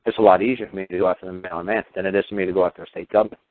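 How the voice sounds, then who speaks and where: Fast-talking man on a tinny phone line. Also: low voice, steady tone. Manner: heated, sarcastic rhetorical questions, swearing. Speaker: radio show host. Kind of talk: ranting radio monologue.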